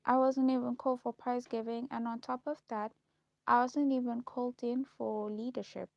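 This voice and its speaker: A young woman telling her life story in a casual vlog, repeating herself and pausing with ums as she lists memories. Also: fairly high pitch, flat delivery, gravelly, darkish tone, no echo. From South Africa. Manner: repetitive, listing recollections with frequent ums. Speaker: vlogger. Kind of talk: personal storytelling. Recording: dull lo-fi recording.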